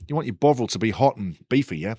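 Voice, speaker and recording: A man's voice: fairly low pitch, animated, fast, a little mellow, husky, no room sound. A man hosting a live football watch-along stream, chatty and joking, swearing casually and repeating himself. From United Kingdom. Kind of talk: casual live-stream chat and match commentary.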